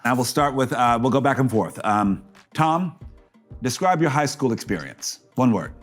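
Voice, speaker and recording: A man's voice: mid-range voice, animated, soft background music. A man hosting a talk show, effusive and playful as he asks his guests questions. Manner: effusive, playful, quick to laugh. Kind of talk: casual interview chat.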